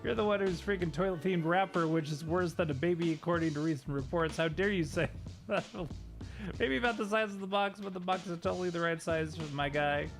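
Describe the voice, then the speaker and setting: Male gamer, wry jokes, gravelly fry, slightly high voice, faint music behind. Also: brisk. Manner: joking, wry, laughs often. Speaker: gamer playing a dating game. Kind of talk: casual commentary.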